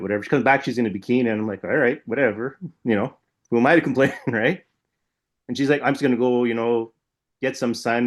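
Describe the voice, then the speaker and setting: A man co-hosting a podcast, retelling a dream in a rambling, animated way, full of "like" and "right?". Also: mid-range voice. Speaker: podcast co-host. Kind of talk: casual chat, storytelling.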